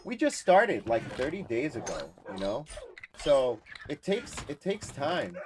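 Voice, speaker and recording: A man's voice: medium pitch, big pitch swings, a little slow, background noise. A man from Massachusetts hosting a gaming livestream, chatting casually and rambling with his viewers, switching freely into Spanish. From Massachusetts, USA. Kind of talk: casual chat with live chat viewers.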